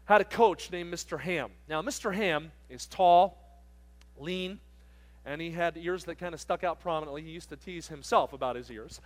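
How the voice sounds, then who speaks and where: A man's voice: a little high, moderate pace. Joking, firm camp preacher man. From southern New Jersey. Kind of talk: sermon to teens.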